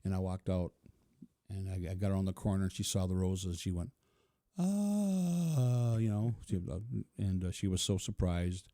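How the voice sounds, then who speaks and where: A middle-aged man with a low, warm, mellow voice tells a personal story. He chuckles often and acts out the quotes. The recording is close and dry, with no room sound. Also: monotone, brisk, no echo. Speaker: interview guest.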